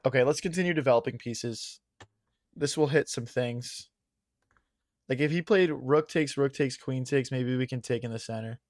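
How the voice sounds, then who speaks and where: A man's voice: mid-range voice, moderate pace, dry recording, studio quality. A young man streaming chess, thinking aloud in a chatty way and talking to his viewers, his voice strained from long hours of streaming. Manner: thinks aloud, chatty, addresses chat as guys. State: losing his voice. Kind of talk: casual live-stream commentary.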